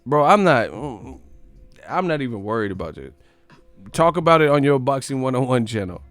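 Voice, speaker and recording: A man's voice: medium pitch, sing-song, moderate pace, a bit bright, dry recording, faint music behind. A man hosting a boxing live stream, ranting profanely and animatedly about the sport. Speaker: boxing channel host.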